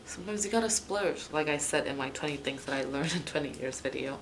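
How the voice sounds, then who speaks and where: A young woman with a low voice talks her way through a fix in a chatty home vlog. She swears freely and laughs at herself. The recording carries a clear background hiss. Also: fast. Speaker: vlogger. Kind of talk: casual vlog narration while working.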